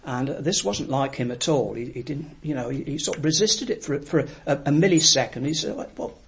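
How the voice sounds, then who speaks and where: A man preaching a sermon, telling a story in an earnest, reflective way with frequent pauses. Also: medium pitch, breathy edge.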